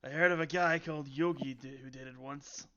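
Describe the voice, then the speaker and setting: A man's voice: medium pitch, fairly even intonation, brisk, fairly bright tone, muffled recording. A man playing a tabletop game, joking and chuckling. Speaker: player. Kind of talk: casual tabletop play.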